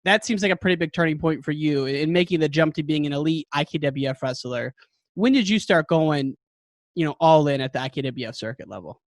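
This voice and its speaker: Male podcast host, eager interviewer, high-ish voice, dry studio sound. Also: a little fast, dry recording. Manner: enthusiastic, laughs often. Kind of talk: casual interview.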